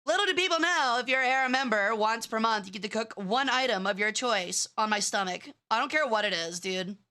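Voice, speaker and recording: A young woman chats to her stream in a bright, high-leaning voice, bratty and loose. She rambles with plenty of fillers and swears without a second thought. The talk is fully casual and unscripted. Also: animated, brisk. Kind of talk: casual live-stream chat.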